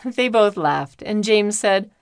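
A woman reading a classic novel aloud as an audiobook narrator, in lively storytelling fashion with the characters' lines put on. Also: medium pitch, takes it slowly, clear, resonant tone, no room sound, studio quality. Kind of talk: scripted narration.

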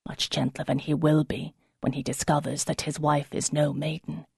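A woman narrator voicing a withdrawn young noblewoman who speaks low and indifferently in a storybook reading. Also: expressive, unhurried, a little mellow, slightly rough, dry recording, studio quality, heavily acted. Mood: guarded.

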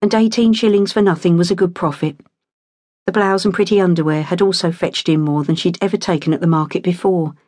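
Audiobook narrator, woman, lowish, measured, dry booth sound. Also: steady tone, a little mellow, dry recording. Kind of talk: scripted narration.

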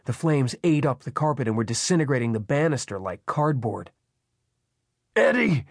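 A man's voice: mid-range voice, lively intonation, fairly quick, darkish tone, no room sound. A man reading a thriller audiobook with tense, dramatic narration, on a close studio microphone. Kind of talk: scripted narration. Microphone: close studio mic.

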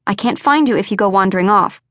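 A woman reading an audiobook, voicing a calm young midwife in her twenties who speaks in a firm, level, practical way. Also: mid-range voice, fast, dry recording, lightly acted. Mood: steady. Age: 20s. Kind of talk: audiobook character voice.

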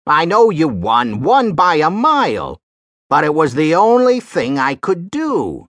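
Man voicing a cringing, scared man pleading low and breathless, lively pitch. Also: a little slow, no room sound, exaggerated voice. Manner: gasping and begging.

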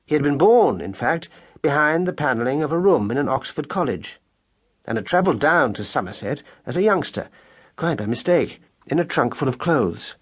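A man narrating a children's audiobook in a measured, expressive storytelling manner, with a husky voice. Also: mid-range voice. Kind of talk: scripted narration.

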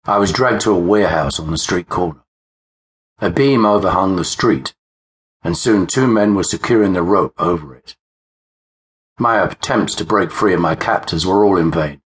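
A man narrating a first-person horror audiobook in a measured, grave manner. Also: deep voice. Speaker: author and narrator.

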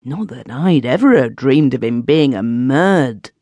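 A man's voice: medium pitch, animated, measured pace, darkish tone, no room sound, studio quality. A man voicing Migsworth, a pompous, lecturing widower. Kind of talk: audiobook character voice.

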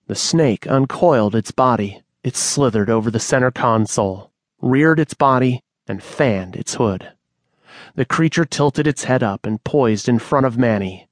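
A man reading an audiobook aloud, telling a suspenseful story in a measured way on a close studio mic. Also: medium pitch, no echo. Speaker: audiobook narrator. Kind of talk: scripted audiobook narration.

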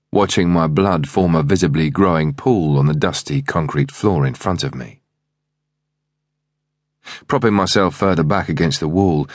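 A man narrating an audiobook thriller in the first person, reading in a measured, steady way. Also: sits low, no echo, studio quality.

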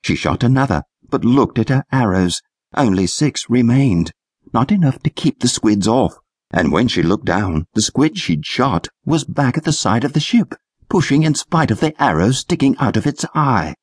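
A man narrating a children's adventure audiobook in an expressive storytelling manner. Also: mid-range voice, normal speed, husky, dry recording, clean studio sound.

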